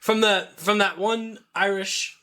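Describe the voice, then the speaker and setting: A man's voice: high-pitched, fairly even intonation, slow pace, bright, forceful tone. A man hosting a podcast in casual chat, playful and easily amused. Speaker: podcast host.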